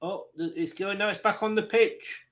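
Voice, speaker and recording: High-voiced excitable man calling a match. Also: normal speed. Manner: excitable, laughs easily. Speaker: watchalong host. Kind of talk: casual live match commentary.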